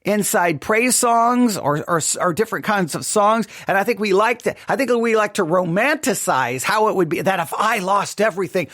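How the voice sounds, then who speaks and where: A man's voice: high-pitched, expressive, normal speed, few pauses, a bit bright, no room sound, studio quality. A man giving a devotional Bible study talk, thinking aloud with frequent restarts and rhetorical questions. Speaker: Bible teacher.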